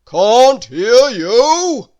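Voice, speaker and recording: A woman reading aloud, voicing a loud shopkeeper who shouts every word, drawn out and booming. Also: very animated, extremely slow, full character voice. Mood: thundering. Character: loud bellowing shopkeeper man.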